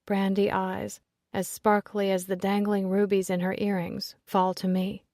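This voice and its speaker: A woman narrating a first-person romance audiobook in an expressive storytelling voice. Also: mid-range voice, normal speed, creaky, dry recording, studio quality.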